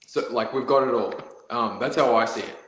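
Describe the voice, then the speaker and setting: A man's voice: medium pitch, brisk, fairly bright tone. An Australian man co-hosting a casual podcast, talking in a rambling, hesitant way with lots of fillers. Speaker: podcast co-host. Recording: echoey room.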